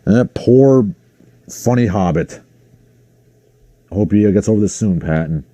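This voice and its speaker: A man hosting his own livestream, ranting in casual commentary with a sarcastic, exasperated edge. His voice is lowish and very dark and mellow. The sound is dry and close, with no room around it. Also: lively intonation, moderate pace, no echo. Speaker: livestream host.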